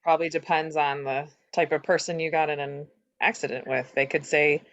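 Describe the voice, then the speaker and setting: Low-voiced woman in a class discussion. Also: flat delivery, fairly quick, highs cut off. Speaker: workshop participant.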